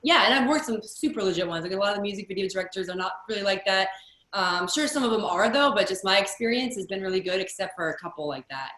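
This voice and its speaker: Comedian lady chatting on a podcast, bright tense voice, echoey room, blunt and candid. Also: mid-range voice, expressive, quick pace. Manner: candid, blunt, laughs often. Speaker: comedian guest. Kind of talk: casual podcast chat.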